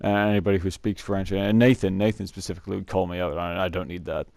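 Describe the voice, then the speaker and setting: A man's voice: low voice, flat delivery, quick pace, vocal fry, darkish tone, no room sound, clean studio sound. A young man casually telling rambling camp stories, laughing often and filling gaps with "uh". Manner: rambling, laughs often, many fillers and restarts. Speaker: scout camp storyteller. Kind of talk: casual storytelling vlog.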